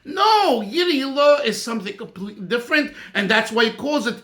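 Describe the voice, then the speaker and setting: A man's voice: very high voice, lively intonation, a little fast, bright, forceful tone. A man teaching a Torah class as rabbi, emphatic and thinking aloud, often restarting his sentences. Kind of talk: animated Torah class discussion.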